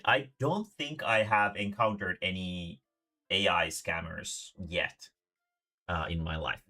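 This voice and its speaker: A man's voice: sits low, slow, bright, forceful tone, soft background music. A man casually reacting to a video on stream, rambling with many fillers and frequent swearing. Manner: rambling, hesitant, swears a lot.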